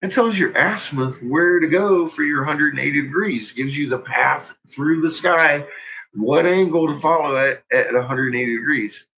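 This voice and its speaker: A man's voice: on the high side, moderate pace, vocal fry, pushed and bright, slightly rough. A man ranting casually and with exasperation, swearing often and laughing at his own points. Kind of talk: profane casual rant. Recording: dull lo-fi recording.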